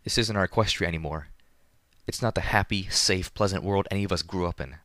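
A man's voice: deep voice, fairly quick, fairly bright tone, dry recording, studio quality. A man voicing a young female pegasus who speaks in a strained, pleading, resolute way. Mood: anguished.

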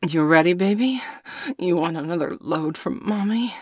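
A woman's voice: fairly low pitch, normal speed, darkish tone, slightly rough, dry recording, studio quality. A woman voicing a brash, dominant woman who is stoned and sweaty at a party, talking crude and laid-back. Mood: teasing.

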